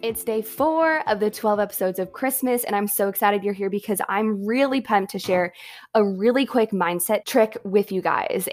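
A young woman talks straight to her viewers in a casual motivational vlog, upbeat and chatty. Her voice sits at a middle pitch, and she keeps talking loosely with plenty of fillers. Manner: upbeat, chatty, lots of "like" and "okay". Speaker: vlogger. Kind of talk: casual motivational talk to camera.

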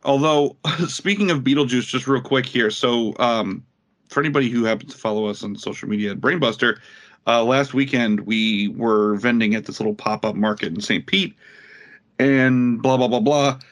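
A man's voice: medium pitch, fairly bright tone. A man co-hosting a casual podcast, telling stories in a rambling way with many fillers and getting incredulous as he goes. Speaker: podcast co-host.

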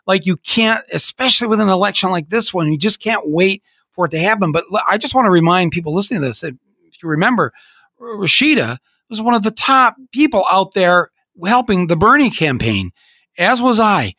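A man's voice: high voice, sing-song, fairly quick, bright, forceful tone, no room sound, studio quality. A man in his sixties hosting a casual interview, enthusiastic and reflective, often restarting his sentences. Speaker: host.

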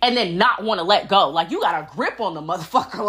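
Profane, animated young woman ranting. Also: fast talker, hardly any pauses. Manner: blunt, profane, animated storytelling with big pitch swings. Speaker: podcast host. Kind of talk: casual solo podcast rant.

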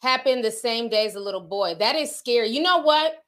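A woman's voice: a little high, fairly quick. A middle-aged woman from the northern US hosting a livestream, telling stories in casual chat and reading out viewer comments. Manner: chatty storytelling, animated quoted voices. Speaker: livestream host.

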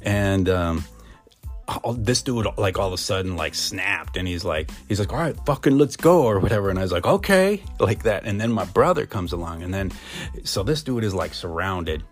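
A man's voice: low-pitched, normal speed, soft background music. A middle-aged man from Montana telling a rambling story casually, full of fillers and restarts.

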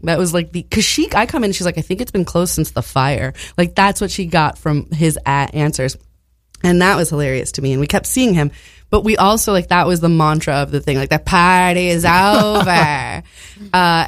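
Woman co-host, lower voice, dry close sound, acts out every quote with big swings. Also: dry recording. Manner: animated, acts out quotes with big pitch jumps, swears. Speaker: podcast co-host. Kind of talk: casual storytelling chat.

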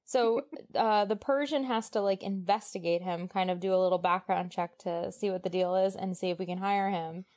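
A woman with a mid-range, darkish voice co-hosts a podcast, reading passages from a novel and stopping to crack jokes. She laughs a lot and pauses over filler words in the casual chat.

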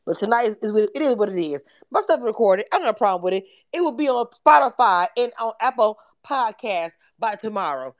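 A woman's voice: fairly high pitch, expressive, a little fast, few pauses. Brash woman hosting a chat. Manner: brash, swearing, teasing. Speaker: space host. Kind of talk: casual chat.

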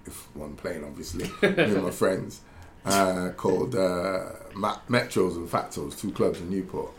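Lively former footballer telling stories. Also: male voice, low voice, a little slow, echoey room. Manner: animated storyteller, many restarts. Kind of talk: casual chat, storytelling.

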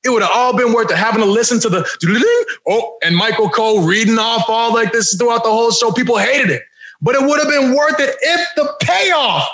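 A man co-hosting a casual chat, animated and jokey, often slipping into impressions of others. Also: very high voice, echoey room, low-quality recording.

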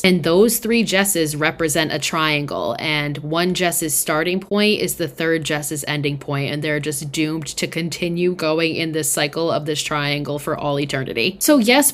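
A young woman with a low voice hosts a podcast, talking through a film's plot in a loose, casual way. She swears freely and peppers her speech with "like". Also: fairly bright tone. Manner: chatty, swears often, fillers like "like". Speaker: podcast host. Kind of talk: casual film recap.

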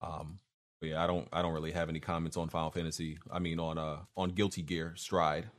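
A man's voice: rumbling low, level tone, a little fast. A man co-hosting a casual gaming podcast, talking in a laid-back way with lots of fillers. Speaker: podcast co-host.

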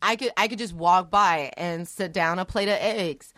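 A woman guest in casual podcast chat, joking and chatty and quick to laugh. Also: on the low side, fairly bright tone, no echo, clean studio sound.

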